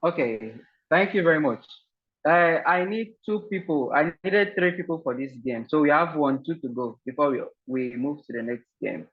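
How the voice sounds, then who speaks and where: A man's voice: a little high, moderate pace, narrow, tinny audio. A man hosting an online team game over a video call, polite and full of fillers and repeated words. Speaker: online session host.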